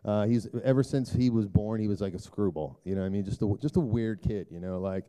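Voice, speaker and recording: A middle-aged man giving a rambling, conversational sermon talk to a church group, full of filler words and throat clearing. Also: fairly quick. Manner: turns hushed and low for prayer. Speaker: speaker addressing a church group.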